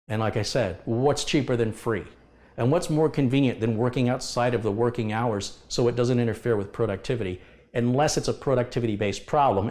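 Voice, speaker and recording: A man's voice: medium pitch, a little mellow. Frustrated middle-aged man venting. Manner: frustrated, venting, acts out past exchanges. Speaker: PC repair business owner. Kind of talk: candid monologue to camera.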